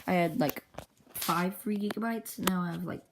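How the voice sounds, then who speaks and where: A woman's voice: lowish voice, moderate pace, background noise. A woman rambling breathlessly through the story of her homemade comic, popping into squealed character voices. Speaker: comic creator. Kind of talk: casual retelling of a homemade comic.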